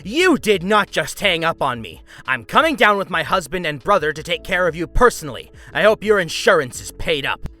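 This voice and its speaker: A man voicing a shrill, furious, entitled woman customer who screams, bullies and interrupts. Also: sing-song, normal speed, few pauses, sharp tone, soft background music.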